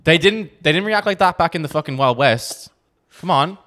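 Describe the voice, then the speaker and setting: A man's voice: on the high side, lively intonation, normal speed, fairly bright tone. A man co-hosting a podcast in casual chat, teasing his friend and laughing a lot. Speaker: podcast co-host.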